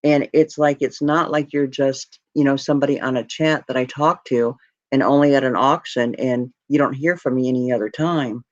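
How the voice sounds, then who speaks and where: A woman's voice: a bass voice, steady tone, moderate pace, no echo. A woman hosting a live stream, chatting to her viewers in a heartfelt, rambling and grateful way, close to tears. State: tearing up. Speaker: jewelry live stream host. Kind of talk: casual live stream chat. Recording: dry, muffled lo-fi audio.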